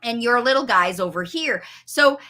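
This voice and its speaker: A woman's voice: fairly high pitch, expressive, moderate pace, bright, forceful tone. A woman speech-language pathologist coaching parents on a live stream, explaining with enthusiasm and everyday examples.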